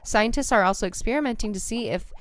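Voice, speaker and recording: A woman co-hosting a casual science podcast, eagerly explaining facts in quick bursts that trail off softly. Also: fairly high pitch, a little hiss or hum. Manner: enthusiastic explainer, fast bursts with trailing soft endings. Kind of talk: casual educational chat.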